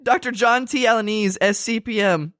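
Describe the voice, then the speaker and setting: A man's voice: high-pitched, moderate pace, a bit bright, no echo, clean studio sound. A man hosting a comedy podcast, flustered and exasperated. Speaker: podcast host.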